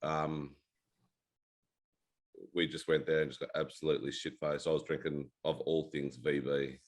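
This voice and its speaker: A man's voice: rumbling low, little pitch movement, moderate pace. A man in his forties with an Australian accent, co-hosting a casual chat and telling rambling, laid-back stories with plenty of swearing. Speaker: co-host.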